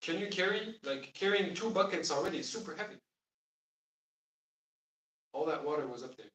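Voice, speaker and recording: Guy teaching a class, kinda high voice, quizzing students, echoey classroom. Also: expressive, moderate pace, a bit bright. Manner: explains patiently, asks class questions. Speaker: Quran Arabic teacher. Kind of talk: classroom lesson. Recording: roomy sound from far off.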